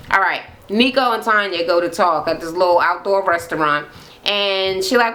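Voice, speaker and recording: A woman's voice: mid-range voice, moderate pace, a little hiss or hum, rough recording. A woman recapping a reality show in a casual, profane rant, acting out the cast's lines. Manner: animated, profane, acts out quotes.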